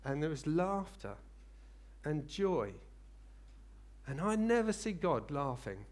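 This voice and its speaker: A man preaching a sermon, earnest and rambling, rising into fervent excitement. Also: on the high side, slow.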